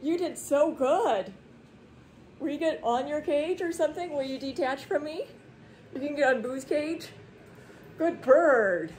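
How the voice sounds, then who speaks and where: A woman's voice: high voice, a little slow, pauses often, darkish tone, slight background noise. A woman vlogging outdoors in a park, chatting to her pet cockatoo in cooing, sing-song baby talk, recorded on a handheld phone. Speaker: vlogger and bird owner. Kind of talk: casual chat to her pet.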